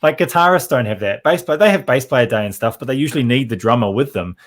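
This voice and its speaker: A drummer chats as a podcast guest in long, loose runs, restarting his sentences and stacking fillers. His pitch sits in the middle for a man. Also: lively intonation, quick pace. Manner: rambling, many fillers and restarts. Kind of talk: casual interview chat.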